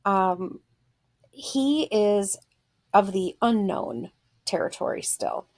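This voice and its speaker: A woman literature teacher reads a short story aloud and stops often to think aloud about it, pausing with fillers. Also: medium pitch, a little mellow. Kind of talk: reading a story aloud with commentary.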